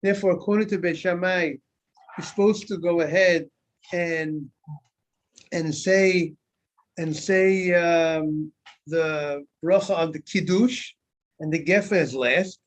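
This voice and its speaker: A man's voice: fairly high pitch, fairly even intonation, slow pace. A man, a rabbi, teaching an informal Talmud class, often repeating words and asking his students questions that he then answers himself. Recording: dull lo-fi recording.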